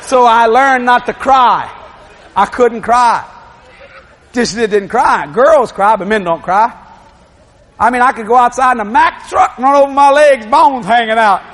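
An older man preaching a sermon, animated, shouting and laughing as he acts out scenes. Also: very high-pitched, a little slow.

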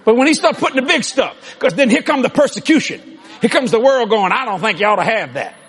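A preacher delivers a rousing sermon in a strikingly high, husky voice. He shouts his points, boasts with a laugh, and keeps the energy up the whole way through. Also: lively intonation, fast talker.

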